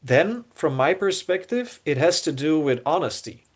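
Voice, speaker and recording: A man's voice: fairly high pitch, very animated, moderate pace. Earnest man musing with many restarts. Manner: earnest, searching, many restarts and repeated words. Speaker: podcast co-host. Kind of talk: reflective casual podcast talk.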